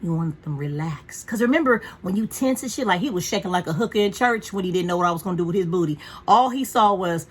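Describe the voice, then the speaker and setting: A woman's voice: lowish voice, lively intonation, fast talker, few pauses, husky. A woman vlogging from home in a frank, profane, chatty way about caring for her dog. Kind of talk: casual rambling chat.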